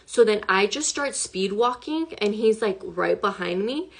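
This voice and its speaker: A woman's voice: medium pitch, expressive, measured pace, gravelly, breathy edge. A woman hip hop artist recounting a frightening event in a casual vlog, shaken and emotional, swearing often and saying "like" a lot.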